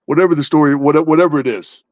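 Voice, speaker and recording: A man's voice: a little high, fast, no echo, muffled recording. A man hosting a podcast who argues his points casually, stacking up rhetorical questions. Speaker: podcast host.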